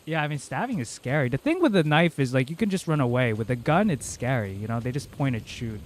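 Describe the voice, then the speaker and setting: A man's voice: medium pitch, lively intonation, background noise. A man from the American South chatting casually and rambling through stories while streaming a horror game. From Southern United States. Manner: rambling, chatty storytelling, quick laughs. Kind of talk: casual chat while playing.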